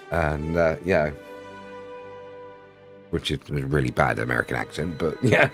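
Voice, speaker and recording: Chatty low-voiced man streaming a game. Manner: chatty, rambling, laughs often, greets viewers. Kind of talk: casual live-stream chat.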